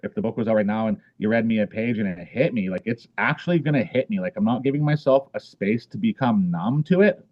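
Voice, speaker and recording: A man's voice: lowish voice, fast, hardly any pauses, muffled recording. A man guest in a casual interview, talking in a rambling way with many fillers and restarts. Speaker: podcast guest, author.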